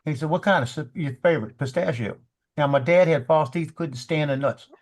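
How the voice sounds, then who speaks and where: A middle-aged man recounts family memories in a relaxed, conversational way. His voice sits a little high for a man, and he stumbles and repeats words as he acts out the lines of the people in his story. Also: fairly quick. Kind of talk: casual storytelling chat.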